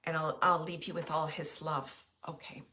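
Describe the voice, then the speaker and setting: A woman's voice: sits low, flat delivery, moderate pace, bright, forceful tone, a little hiss or hum. A woman doing a live psychic reading for viewers, hesitant and thinking aloud with many fillers as she describes her impressions. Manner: describes impressions as they come. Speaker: psychic medium.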